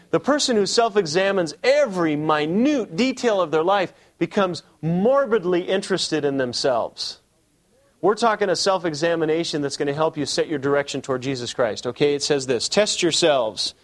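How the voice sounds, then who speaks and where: A man preaching a sermon, teaching from scripture with emphatic, animated delivery. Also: fairly high pitch. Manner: emphatic, quotes scripture in raised voice.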